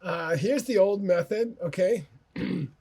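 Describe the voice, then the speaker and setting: A man's voice: high-pitched, a little slow, gravelly, darkish tone, slightly rough. A man teaching an online course in a conversational manner, telling anecdotes about himself and often checking in with "okay?" and "you know".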